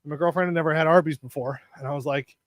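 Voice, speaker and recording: A man from Canada, co-hosting a casual podcast and telling stories in an animated way. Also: a little high, racing, no echo, studio quality. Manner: animated storyteller, acts out quoted people. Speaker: podcast co-host. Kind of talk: casual chat.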